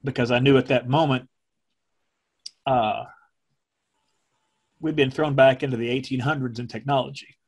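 A middle-aged man, a former television meteorologist, recalling events in a slow, measured way that turns emotional. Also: mid-range voice, fairly even intonation, husky. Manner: slow, measured, speaking from the diaphragm. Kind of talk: emotional personal recollection.

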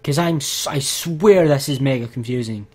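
A man's voice: medium pitch, moderate pace, a little mellow. A man commentating his gameplay, exasperated and ranting to his viewers. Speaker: let's play gamer.

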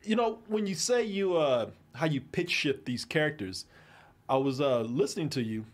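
A man's voice: fairly high pitch, animated, normal speed. A man hosting an interview, chatting casually and enthusiastically with his guest and complimenting him. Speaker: interview host.

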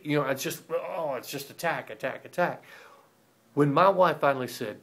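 A middle-aged man giving a devotional teaching as a pastor, telling stories in a lively way and acting out the voices of the people in them. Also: on the high side, moderate pace. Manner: animated storytelling, acting out quoted voices.

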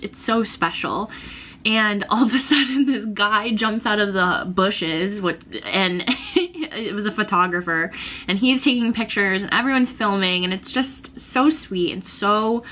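A woman's voice: medium pitch, pushed and bright, a little hiss or hum. A young woman telling a personal story in a casual, gushing vlog, often laughing and emotional. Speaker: vlogger.

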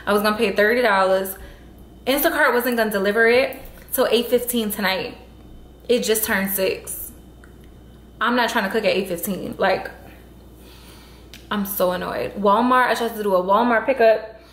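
Woman vlogger, mid-pitched, exasperated and emphatic, recorded in a room with echo. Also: normal speed, pauses often, fairly bright tone. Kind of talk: casual vlog talk to camera. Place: at home indoors.

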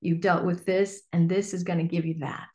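A woman business coach teaching a workshop in a chatty, animated way with lots of fillers. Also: fairly low pitch, normal speed. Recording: echoey room.

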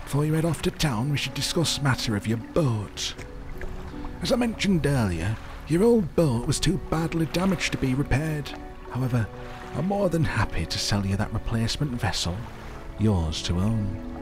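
A man's voice: mid-range voice, sing-song, moderate pace, music in the background, voice pushed up, natural voice. A man voicing a polite, businesslike town mayor who lends money. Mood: smooth. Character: smooth-talking male town mayor lending money.

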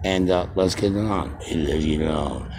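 A man in his fifties rambling as a self-styled radio host, halting with many fillers and restarts. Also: sits low, background noise. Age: 50s. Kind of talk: rambling mock radio broadcast.

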